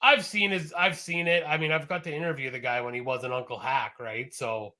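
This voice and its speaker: A man co-hosting a casual podcast, often trailing off quietly at the end of his thoughts. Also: medium pitch, steady tone, a little fast. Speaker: podcast co-host. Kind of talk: casual chat.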